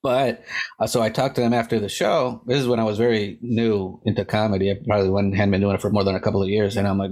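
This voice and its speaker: A stand-up comic, male, with a fairly low voice, talking shop in a loose podcast chat. He rambles, swears freely and acts out the lines of people in his stories. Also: fairly even intonation, fast, a little mellow. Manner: rambling, profane storytelling with acted quotes. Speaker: stand-up comedian, guest.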